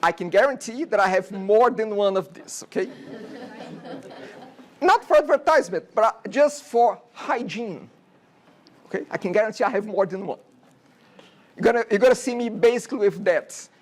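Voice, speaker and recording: Speaking at normal speed with long pauses, an animated, high-pitched Brazilian man in his forties lectures as a college instructor. His Brazilian Portuguese accent colors a chatty talk where he often asks "okay?".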